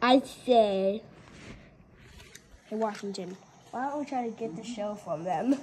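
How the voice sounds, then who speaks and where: A woman's voice: mid-range voice, unhurried, dark tone, a little hiss or hum. A woman in playful casual banter, joking and often laughing. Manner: giggly, jokey, often laughing.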